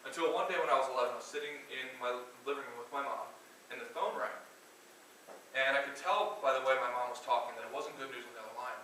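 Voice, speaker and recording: A man's voice: medium pitch, fast talker, slight background noise. A man in his thirties speaking to a room of students, telling stories in a loose, off-the-cuff way. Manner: storytelling, animated, off-the-cuff. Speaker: guest speaker. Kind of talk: informal talk to students. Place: lecture room. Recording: roomy echo from a distance.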